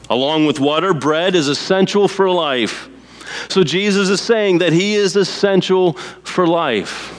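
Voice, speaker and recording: Male pastor preaching, somewhat high voice, slow measured delivery with weighty pauses. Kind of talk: sermon.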